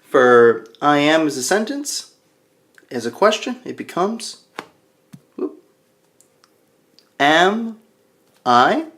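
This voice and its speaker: A man teaching a grammar lesson to English learners, playful and speaking slowly and clearly. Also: fairly high pitch, sing-song, a bit bright. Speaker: ESL teacher.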